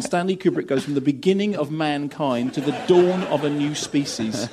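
A male film critic co-hosting the show, speaking in a dry, deadpan way in a cinema screening room. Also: a little high, moderate pace, background noise. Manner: dry, deadpan, precise with figures.

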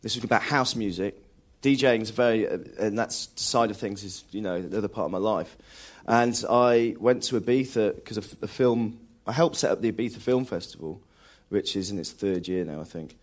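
A man's voice: fairly low pitch, brisk, hardly any pauses. A man, an actor, talking in a live radio interview and often restarting while searching for words. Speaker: actor, studio guest. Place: live radio broadcast at a film festival.

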